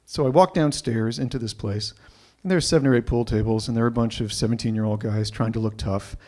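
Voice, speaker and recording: A man telling a personal story live, animated and often repeating himself as he builds up. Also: medium pitch, fast. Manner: animated, repeats words when excited.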